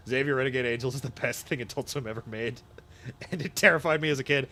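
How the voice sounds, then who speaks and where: A man's voice: medium pitch, a little fast, long pauses, sharp tone. A young man chatting casually and laughing while streaming a game. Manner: goofy, laughing, quoting cartoon lines in silly voices. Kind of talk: casual gaming stream chat.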